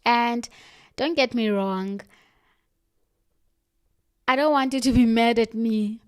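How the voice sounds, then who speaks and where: Woman, fairly high voice, slow deliberate pace, earnest, firm, motivational talk. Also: clear, resonant tone, no room sound, studio quality. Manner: earnest, direct and firm, with slow emphatic pauses. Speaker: self-help vlogger.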